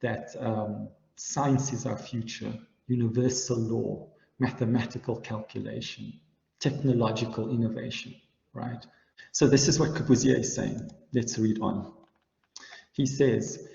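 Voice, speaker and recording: A man with a low, gravelly voice gives a university lecture in a large hall. He explains each point patiently and keeps asking his listeners "right?". The recording is dull and lo-fi, and the hall gives it a long echo. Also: steady tone, unhurried, mellow. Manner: explanatory, often checks in with "right?". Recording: echoey hall, dull lo-fi sound.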